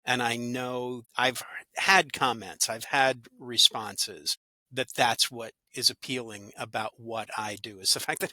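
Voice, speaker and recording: A man's voice: mid-range voice, fairly even intonation, unhurried, bright, forceful tone, dry recording. A man, an actor and good-news podcaster, chatting as an interview guest in an upbeat storytelling way, now and then acting out little quoted voices. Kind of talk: casual interview talk.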